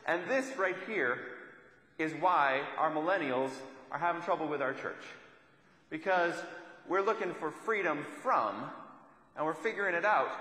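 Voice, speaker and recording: A man's voice: a little high, bright, forceful tone, echoey room, long reverb tail, poor audio. A young adult man giving a sermon, telling a story in a conversational way and repeating lines for emphasis. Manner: storytelling, conversational with rhetorical repetition. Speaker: preacher.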